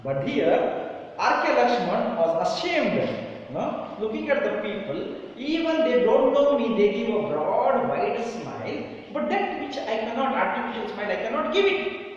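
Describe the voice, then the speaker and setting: Male teacher, high and lively, questions the class often; distant, echoey, lo-fi hall sound. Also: a little slow. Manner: animated, questioning, repeats phrases. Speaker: English teacher. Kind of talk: classroom lesson explanation. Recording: echoey, distant, dull room recording.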